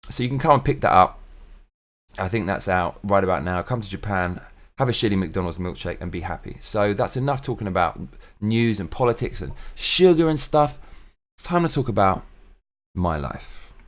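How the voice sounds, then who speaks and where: A man's voice: on the low side, lively intonation, a little fast. A young man hosting his own show, talking in a casual solo monologue that is profane, ranting and opinionated. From England. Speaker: show host.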